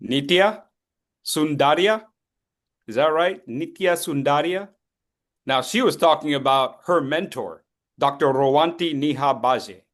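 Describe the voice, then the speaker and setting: A man's voice: fairly high pitch, a little slow, fairly bright tone. A man giving a motivational talk at a speaking club, emphatic, repeating key phrases and asking the audience rhetorical questions. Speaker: education session speaker.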